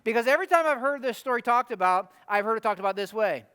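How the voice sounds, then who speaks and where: A man preaching a conversational sermon, animated, often asking the room rhetorical questions. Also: very high-pitched, quick pace, smooth. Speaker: pastor. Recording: long hall reverb.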